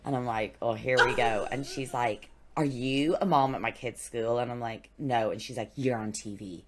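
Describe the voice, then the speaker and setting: A woman's voice: very deep voice, moderate pace, slight background noise. A young Irish woman co-hosting a podcast, telling stories in casual chat and acting out the voices of the people she quotes. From Ireland. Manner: animated storytelling, acts out quoted voices. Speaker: podcast co-host.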